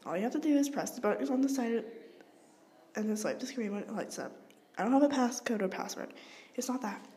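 A frightened, protective teenage boy, read aloud by a woman, who stammers and pushes his words out in a panic. The voice sits a little higher and louder than the reader's own, and the tone is mellow. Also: animated, fairly quick, lightly acted. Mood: frantic.

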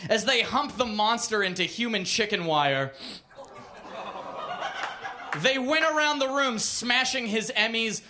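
A man's voice: very high-pitched, measured pace, pauses often, sharp tone. A man reading a crude comic story aloud on a comedy club stage, with mock-literary narration. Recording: noisy live club recording.

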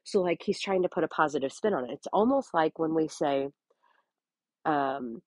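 A woman's voice: low-pitched, moderate pace, no echo. A woman hosting a Bible reading podcast, reading scripture aloud and breaking in with earnest, chatty commentary. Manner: earnest, chatty asides between read passages.

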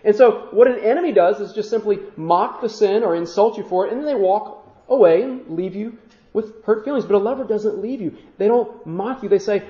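A man's voice: sits high, expressive, brisk, reverberant, muffled recording. A man preaching a sermon as a pastor, earnest, often speaking God's words in the first person.

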